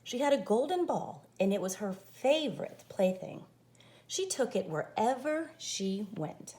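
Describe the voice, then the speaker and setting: A woman teacher reading a fairy-tale picture book aloud in an expressive way. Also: on the high side, a little slow. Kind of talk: storybook read-aloud.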